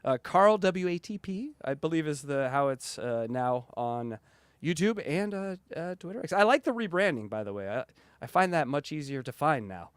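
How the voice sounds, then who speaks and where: A man's voice: on the high side, sing-song, normal speed, clear, resonant tone, no echo. A man hosting a podcast in casual chat, rambling and laughing often. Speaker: podcast host.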